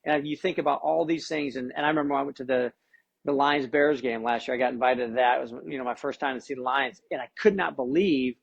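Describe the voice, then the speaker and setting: A man's voice: medium pitch, steady tone, fast, creaky, slightly rough, muffled recording. A middle-aged man, a tennis coach and podcast guest, talking casually and with animation, often repeating words as he starts a thought. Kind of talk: casual conversation.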